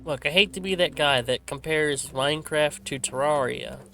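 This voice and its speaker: Male gaming vlogger, fairly high bright voice, loose rambling talk with a slight stutter, faint music underneath. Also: normal speed, gravelly, a little hiss or hum. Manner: rambling, self-correcting, frequent restarts. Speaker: gaming channel host. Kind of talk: laid-back rambling commentary while playing. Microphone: desk microphone with a simple filter.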